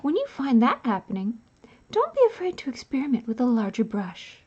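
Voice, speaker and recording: A woman's voice: fairly high pitch, huge pitch swings, brisk, a little mellow, slightly rough, heavily acted. A woman putting on an exaggerated, sing-song Minnesotan accent to play a folksy adviser giving painting tips. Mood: folksy advice. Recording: dull lo-fi sound.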